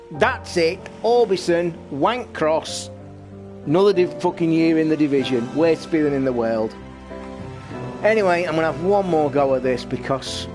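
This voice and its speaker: A middle-aged man, livestreaming a game while ranting and shouting over a football match. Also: on the high side. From England. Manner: excitable and sweary, shouting at football. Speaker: gaming streamer. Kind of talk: live stream commentary while gaming and watching football.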